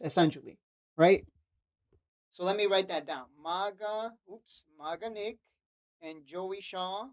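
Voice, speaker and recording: A trading coach who hosts his own channel speaks in a high, unhurried voice with a darkish tone, on a dull, slightly lo-fi, dry recording with no room sound. His casual, ranting video monologue to stock traders is preachy and mocking, full of repetition and restarted sentences.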